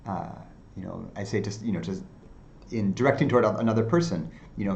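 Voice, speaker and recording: A male meditation teacher giving an unhurried dharma talk, with many fillers and softly repeated phrases. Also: fairly low pitch, gravelly, lo-fi sound.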